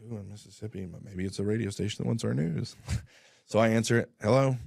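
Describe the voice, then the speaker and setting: A man's voice: lowish voice, fairly even intonation, quick pace, creaky, darkish tone, slightly rough, no room sound, clean studio sound. A man, a radio guest, telling a story in casual talk and acting out both sides of phone calls.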